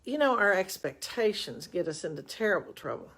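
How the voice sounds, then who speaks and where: A woman's voice: lowish voice, very animated, a little fast, a bit bright, husky. Older woman giving chatty relationship advice. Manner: chatty, folksy, self-mocking asides. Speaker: relationship coach. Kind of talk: casual live-stream advice talk.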